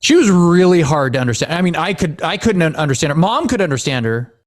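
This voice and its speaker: A man with a fast, high-leaning voice co-hosts a podcast, telling family stories in casual chat. His storytelling is animated, and he laughs often.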